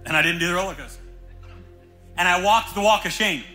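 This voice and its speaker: High bright-voiced male preacher. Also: fairly quick, faint music behind, rough recording. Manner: energetic, animated storytelling. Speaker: pastor. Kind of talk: sermon. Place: church.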